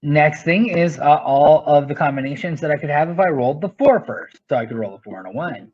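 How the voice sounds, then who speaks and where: A man's voice: fairly high pitch, lively intonation, brisk, lo-fi sound. A male teacher explaining a math lesson step by step, often checking in with "right?".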